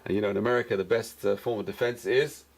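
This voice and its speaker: A man's voice: fairly low pitch, fairly even intonation, fast talker, gravelly. A man, a rabbi, teaching a class and repeating his key points for emphasis. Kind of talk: lecture-style Torah class.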